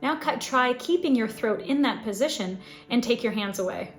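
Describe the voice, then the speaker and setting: A woman voice teacher giving a scripted singing lesson, explaining clearly and now and then demonstrating sounds. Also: on the high side, lively intonation, moderate pace, echoey room, faint music behind. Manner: clear instructive delivery with sung demonstrations.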